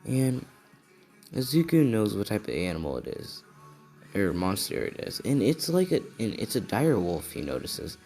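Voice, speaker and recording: Tired young guy making up a fan story as he goes, lowish voice, faint music. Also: very animated, moderate pace, gravelly, a little mellow. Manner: rambling, hedging, many fillers. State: tired, yawning. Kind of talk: improvised fan story narration.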